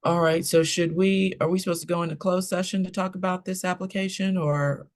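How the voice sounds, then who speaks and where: Male committee chair, slightly high and gravelly, halting procedural delivery. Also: level tone. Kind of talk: public meeting proceedings.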